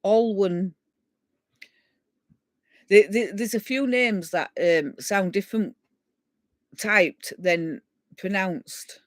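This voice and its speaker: Her medium-pitched voice has lively intonation and a slow pace, recorded without echo. A middle-aged English woman with a Yorkshire accent, she hosts a live stream and chats casually with viewers, rambling and laughing over their comments.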